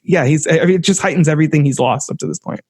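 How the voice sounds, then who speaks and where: Man, fairly high voice, eager and emotional film recap, dry close mic. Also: rapid-fire, a little mellow, breathy edge, no echo. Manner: enthusiastic, emotional retelling, light laughs. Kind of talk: casual film discussion.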